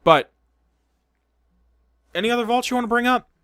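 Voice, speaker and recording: A male podcast co-host with a very high-pitched voice talks at a normal speed in casual conversation. His retellings are animated and laced with swearing, and he acts out quoted reactions.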